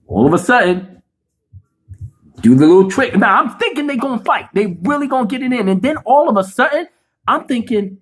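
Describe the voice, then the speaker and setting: Dude going off in a movie review rant, cussing, acting out scenes, kinda raspy. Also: male voice, high-pitched, normal speed, pauses often. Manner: animated, swears a lot, acts out scenes. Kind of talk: profane ranting film review.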